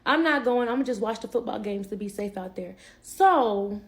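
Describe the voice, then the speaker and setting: A woman's voice: mid-range voice, moderate pace. Chatty woman telling her story. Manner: chatty, addresses listeners as y'all, quotes others. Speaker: guest telling a personal story. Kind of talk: casual storytelling to a stream audience.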